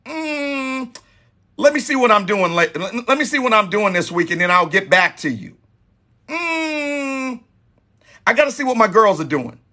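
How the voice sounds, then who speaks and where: A man's voice: extremely high pitch, sing-song, heavily acted. A man putting on a hesitant, evasive woman. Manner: soft drawn-out hums, evasive. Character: hesitant, noncommittal woman brushing off a date.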